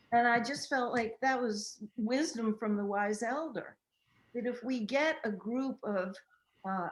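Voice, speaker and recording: An older woman with a fairly high voice talks gently and without hurry. She shares a personal story during a group interview. Her voice rings a little in an echoey room. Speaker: relationship counselor guest.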